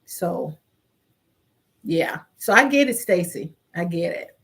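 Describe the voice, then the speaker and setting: A woman's voice: fairly low pitch, animated, takes it slowly, a bit bright. A middle-aged woman hosting a casual live-stream chat, reading viewer comments aloud in a heartfelt, caring way.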